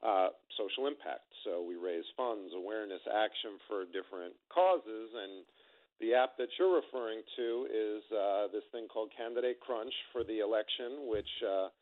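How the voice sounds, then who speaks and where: A man's voice: on the low side, normal speed. A man being interviewed by phone about his company, explaining in an upbeat way with plenty of fillers. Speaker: guest, company executive. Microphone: telephone. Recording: tinny phone line.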